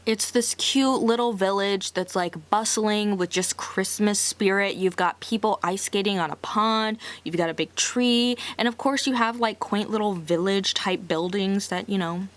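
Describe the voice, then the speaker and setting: A young woman talks through a movie's plot in a loose, chatty recap, leaning hard on filler words. She drops sassy asides as she goes, and her voice sits at a comfortable middle pitch. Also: measured pace, hardly any pauses. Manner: chatty, heavy use of filler "like"; sassy side comments.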